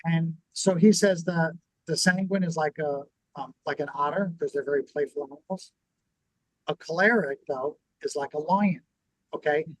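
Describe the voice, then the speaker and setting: Man, somewhat high voice, dry close sound, animated explainer, acts out quotes. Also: moderate pace, no echo, poor audio. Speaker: podcast co-host. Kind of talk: conversational teaching.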